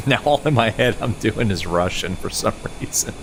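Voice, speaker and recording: A man's voice: lowish voice, lively intonation, unhurried, background noise. A middle-aged man streaming a flight sim in casual chat, laughing often as he answers his viewers.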